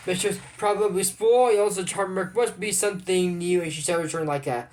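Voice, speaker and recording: A woman's voice: fairly low pitch, expressive, a little fast, darkish tone, slight background noise. A woman giving a rambling, judgmental recap of a cartoon episode in casual commentary, with frequent restarts.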